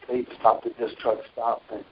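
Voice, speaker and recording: A man's voice: medium pitch, moderate pace, muffled recording, a little hiss or hum. A man preaching informally on a Christian talk show, telling stories from his own life and reading scripture. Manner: animated storytelling with scripture readings.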